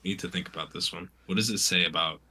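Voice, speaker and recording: A man's voice: low voice, steady tone, fast, bright, forceful tone, a little hiss or hum. A man co-hosting a casual wrestling podcast, wry and sarcastic, swearing casually as he picks apart the booking. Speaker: podcast co-host. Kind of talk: casual wrestling recap chat.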